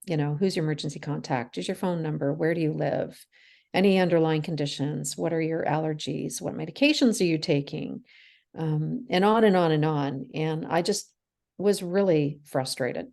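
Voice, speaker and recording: A woman in her forties speaks in a low, gravelly voice, telling a personal story as an interview guest. She is candid, acts out the dialogue, and laughs through the hard parts. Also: moderate pace, a little mellow. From Canada.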